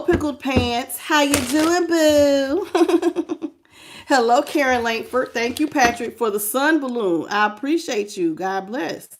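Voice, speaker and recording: A woman giving a live-streamed tarot reading and greeting her viewers, emphatic and preachy, swinging between low murmurs and loud outbursts. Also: background noise. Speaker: tarot reader.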